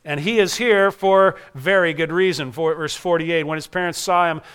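A man's voice: on the high side, moderate pace, a bit bright, clean tone. A man preaching a sermon, earnest, repeating key phrases for emphasis. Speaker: pastor.

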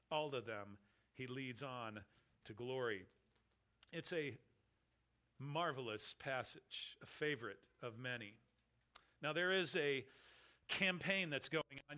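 A man preaching a sermon, reading scripture and then expounding it slowly with emphatic, falling phrase ends. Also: on the high side, pushed and bright. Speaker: pastor.

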